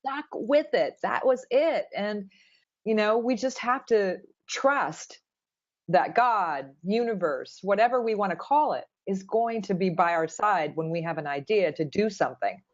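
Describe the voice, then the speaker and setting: A woman's voice: medium pitch, animated, unhurried. A woman hosting a radio interview, encouraging and affirming her guest. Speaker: radio show host. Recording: dull lo-fi sound.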